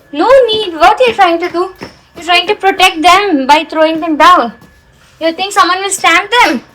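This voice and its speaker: Young mother-vlogger, Indian English accent, high pitch, chatty and coaxing, phone-recorded at home. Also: a bit bright, a little hiss or hum, poor audio. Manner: chatty, coaxing her toddler, asides to viewers. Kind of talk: casual home vlog.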